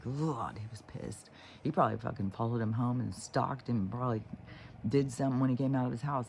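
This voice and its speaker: Gravelly, dark-toned man for a spiritual vlog, rambling and profane, full of fillers. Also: medium pitch, a little hiss or hum. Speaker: spiritual vlogger. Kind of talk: casual rambling monologue.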